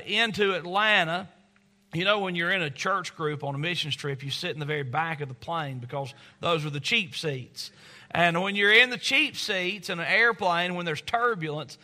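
A man's voice: high voice, sharp tone. A middle-aged man preaching a sermon, telling stories and acting out quoted voices. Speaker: pastor.

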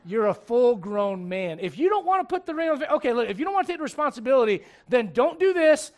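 A man preaching a sermon in church, humorous and animated, dropping to quiet asides and rising to shouts. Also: extremely high pitch, fast. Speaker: pastor.

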